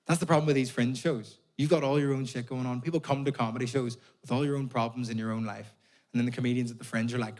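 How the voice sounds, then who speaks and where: A man's voice: medium pitch, fairly even intonation, fast. A young Irish man doing a stand-up comedy set, telling stories casually with plenty of swearing and putting on voices for other people. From Northern Ireland. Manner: conversational storytelling, swears freely, puts on voices for others. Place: theatre stage before a laughing audience.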